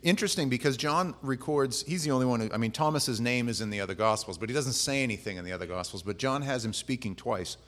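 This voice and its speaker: A man's voice: medium pitch, quick pace, few pauses, fairly bright tone. A pastor preaching a conversational sermon in a casual, humorous way, often acting out the lines he quotes.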